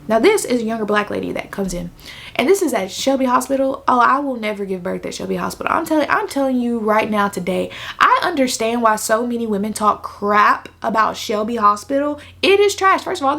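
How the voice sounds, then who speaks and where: A woman's voice: fairly high pitch, expressive, fast talker, gravelly, fairly bright tone. A young woman telling a personal story to camera in an emphatic, venting way, repeating her points for stress. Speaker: vlogger. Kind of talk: casual storytime.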